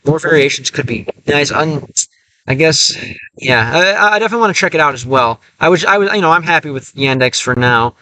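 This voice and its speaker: A man streaming a game, chatting casually and thinking aloud in a halting, self-correcting way. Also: fairly high pitch, lively intonation, pushed and bright, no echo, poor audio. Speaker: language-learning streamer. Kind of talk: casual livestream chat while gaming.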